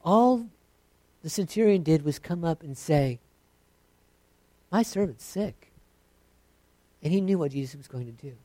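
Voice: medium pitch, expressive, a little fast, dark tone, no echo. A preacher giving a sermon in a conversational, self-deprecating way.

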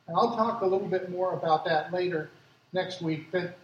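A man who grew up in Africa, preaching a sermon with lively personal stories and acted-out quotes, as a pastor. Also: sits high, normal speed, lo-fi sound, a little hiss or hum. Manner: lively storytelling, acts out quotes. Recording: echoey hall from far off, faint ambience.

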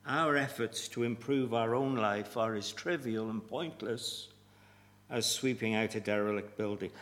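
A man preaching a sermon, deliberate and emphatic, with measured pauses. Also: mid-range voice, a bit bright. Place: church. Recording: long reverb of a church hall.

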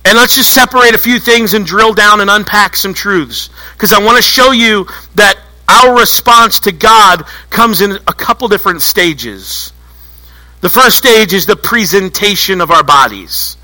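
A man preaching a sermon to a church congregation, telling stories in an animated way and acting out little voices. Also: sits high, a little slow, low-quality recording. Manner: animated storytelling, acts out voices. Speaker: pastor.

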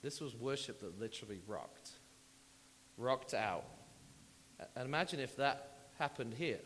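Male pastor, mid-pitched, chatty and animated sermon delivery; long reverb, light hiss. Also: unhurried. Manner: conversational, animated, with asides and repetitions. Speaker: preacher. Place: church sanctuary.

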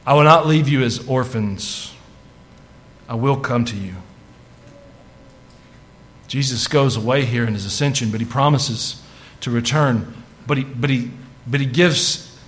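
With slight background noise, a pastor preaches unhurriedly, leaving long pauses. His mid-range voice is fairly bright, and his conversational tone to the congregation rises to fervent emphasis on scripture.

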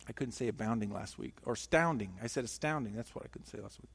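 A male pastor preaching a sermon, emphatic and animated, asking the congregation questions in a church. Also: mid-range voice, fast talker, gravelly, slightly rough, in a large hall.

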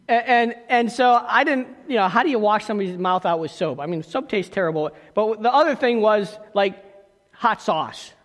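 A man's voice: sits high, a bit bright, big-room sound. A man preaching a sermon as pastor, talking conversationally with asides and questions to the congregation.

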